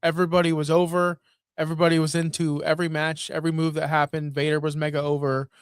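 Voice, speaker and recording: A man co-hosting a podcast, talking in a relaxed, conversational way and working out his thoughts aloud. His voice sits a little high. The sound is dry, with no room echo. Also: quick pace, smooth. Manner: conversational, thinks aloud with fillers. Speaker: podcast co-host. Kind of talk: casual wrestling podcast chat.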